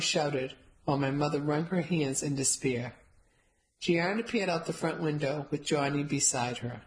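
A woman reading a first-person story aloud as narrator, wry and lively. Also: deep voice, unhurried, low-quality recording. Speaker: audiobook narrator.

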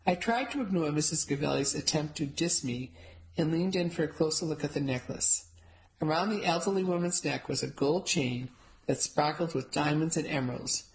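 A woman's voice: deep voice, moderate pace, rough recording. A woman giving wry, amused first-person audiobook narration.

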